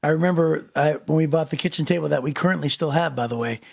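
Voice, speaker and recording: Male co-host, casual and rambling, with a touch of vocal fry. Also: on the high side, fast. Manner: rambling, restarts, many fillers. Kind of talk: casual chat.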